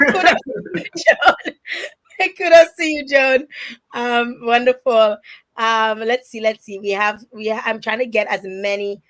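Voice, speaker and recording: A woman from Dominica hosting a live online interview, chatting warmly and reading viewer comments aloud with lively emphasis. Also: mid-range voice. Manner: animated and emphatic, many restarts. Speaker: host.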